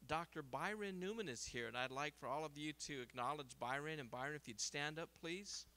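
Lively, bright-voiced man giving a seminar talk. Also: a little high, fairly quick. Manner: lively storyteller, laughs at own jokes. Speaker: optometrist and guest speaker. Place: seminar hall.

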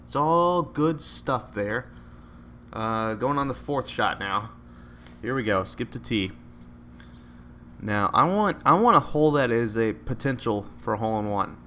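A man giving live, joking commentary over a video game, with excited outbursts at each shot. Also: mid-range voice, unhurried, a little hiss or hum. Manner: excitable, joking, bursts out at shots. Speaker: gameplay commentator.

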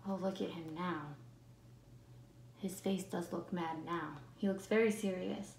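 Woman teacher, picture-book read-aloud, slow and expressive, talks with the kids, echoey classroom. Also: on the low side. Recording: roomy echo.

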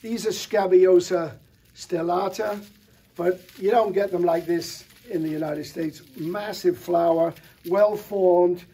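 Middle-aged guy showing off flowers, kinda high voice but mellow, relaxed and keen, lots of ums. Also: unhurried, slightly rough. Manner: enthusiastic, relaxed, with fillers. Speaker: florist presenter. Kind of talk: product showcase talk.

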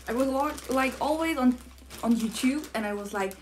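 A young woman from Germany, whose first language is German, gushing with breathless excitement as she unboxes a model horse for her vlog and repeats herself often. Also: medium pitch, normal speed, noisy background. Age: young adult. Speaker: model horse collector vlogger.

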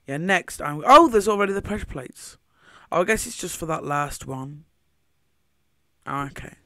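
A man's voice: a little high, expressive, moderate pace, pushed and bright, no echo, clean studio sound. A man giving casual commentary over his own game footage, rambling and thinking aloud as he goes.

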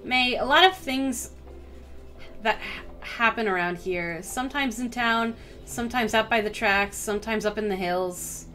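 A woman reading lines as a guarded small-town cop, stern and quietly ominous in her warnings. The voice sits a little high, and the delivery stays low-key and measured. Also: soft background music.

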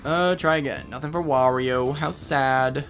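A man's voice: mid-range voice, unhurried, fairly bright tone, soft background music. A man casually commenting on a party video game, rambling and joking, often breaking into silly voices. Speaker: let's play gamer.

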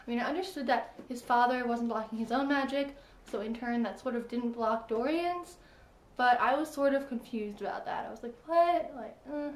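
A woman talking casually about a book she loved, chatty and excitable, with lots of fillers. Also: sits high, echoey room. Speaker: book vlogger. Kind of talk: casual book discussion vlog.

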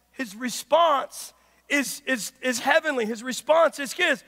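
A man, a pastor, preaching a sermon with call-and-response, swinging from shouted lines to hushed passages. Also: very high voice, unhurried. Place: church sanctuary. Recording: long church reverb.

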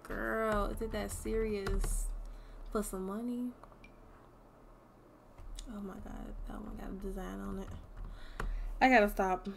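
A young woman streaming a game, chatting casually to her viewers and swearing freely as she thinks out loud. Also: mid-range voice, flat delivery, slow, vocal fry, pauses often, slight background noise. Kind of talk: casual gameplay commentary.

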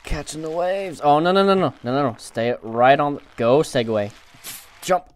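A young man hosting a gaming channel, reacting excitably to the game with yelps and groans. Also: mid-range voice, normal speed, smooth. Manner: excitable, frequent outbursts and groans. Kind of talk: game commentary.

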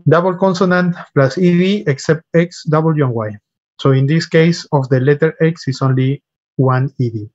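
A man's voice: a little high, highs cut off. A man teaching an online English class, patiently repeating and spelling words out for his students over a computer mic. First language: Spanish. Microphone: computer mic on a video call.

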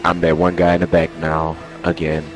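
A man in casual gaming voice chat, teasing his friends in a dry, deadpan way. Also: deep voice, moderate pace, music in the background.

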